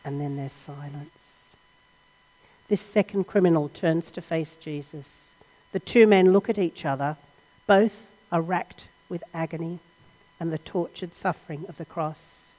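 A woman's voice: sits low, unhurried, mellow. A woman preacher giving a sermon as an earnest, dramatic storytelling retelling full of rhetorical questions. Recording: long hall reverb.

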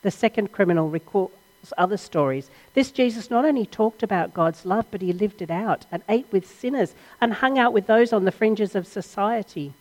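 A woman's voice: mid-range voice, moderate pace, a little mellow. A woman preacher giving a sermon as an earnest, dramatic storytelling retelling full of rhetorical questions. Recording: long hall reverb.

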